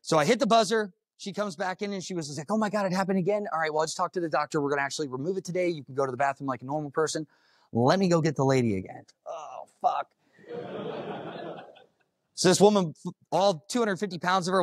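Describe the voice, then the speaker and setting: A quick, rather high-voiced young man tells his story to a conference crowd, raw and unfiltered, swearing freely. His delivery is animated, and the sound is close and dry, with no room echo. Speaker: firefighter speaking at a summit. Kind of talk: storytelling talk to a live audience.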